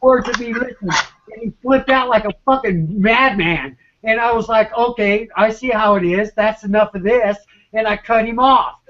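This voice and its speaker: Agitated, high-pitched man ranting on lo-fi audio. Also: normal speed, a bit bright. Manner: profane, urgent, repetitive, stammering. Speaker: speaker in an online voice chat. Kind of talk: agitated rant.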